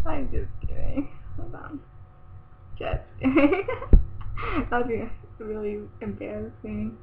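A teenage girl rambles through a casual webcam vlog, giggling and exasperated. Her voice sits high, and the audio is tinny and phone-like with a faint hiss underneath. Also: animated, takes it slowly, vocal fry.

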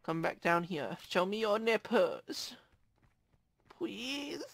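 A man hosting casual gameplay commentary, excitable, often screaming and swearing. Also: high voice, takes it slowly, vocal fry, slight background noise. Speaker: gaming channel host.

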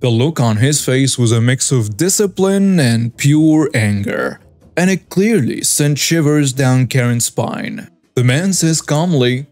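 A man's voice: medium pitch, lively intonation, a little slow, a little mellow, no echo, faint music behind. A man narrating a dramatic story in a scripted read, addressing listeners directly.

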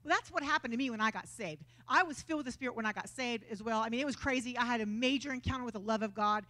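A woman preacher, telling stories in a lively sermon with self-mocking humor at a church service. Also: on the high side, very fast.

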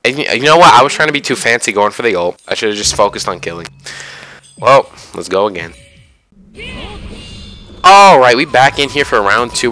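A young man giving excited, self-mocking commentary over his own online fighting game matches, often yelling at big moments. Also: mid-range voice. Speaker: gaming YouTuber. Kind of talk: live gameplay commentary. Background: background music.

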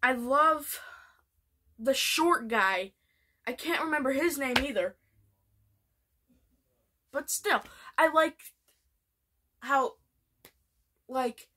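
A woman's voice: fairly high pitch, sharp tone. A woman chatting casually in a vlog, rambling with many restarts. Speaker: vlogger. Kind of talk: casual vlog chat ranking TV shows.

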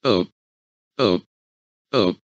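Storybook part: an oily, flattering male moth, read by a male narrator, sugary manner, dull dry sound. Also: deep voice, extremely slow, no echo, pitched below the performer's own voice. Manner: sweet, ingratiating talk. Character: smooth-talking flattering male moth, rude.

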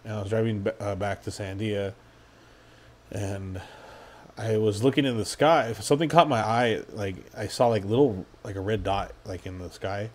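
A man's voice: on the low side, steady tone, moderate pace. A man from New Mexico co-hosting a paranormal podcast, chatting casually in a loose, profane way and laughing often. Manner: loose and profane, laughs often, swings into loud mock shouting. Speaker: podcast co-host. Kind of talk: casual chat.

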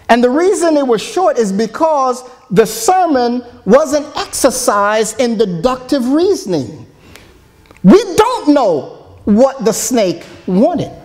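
A man's voice: very high-pitched, darkish tone. A man preaching a sermon as a church elder, earnest and reasoning aloud.

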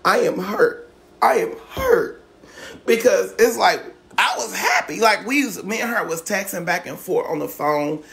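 A man's voice: sits high, moderate pace, vocal fry, fairly bright tone. A man in an emotional rant to camera, upset and tearful, pleading with viewers and repeating himself. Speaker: vlogger.

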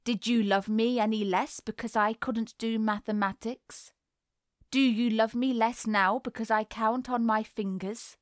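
A woman reading the lines of an anxious, earnest mother who speaks gravely with a slight tremble. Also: fairly high pitch, steady tone, a little slow, dry recording, clean studio sound, lightly acted. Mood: worried.

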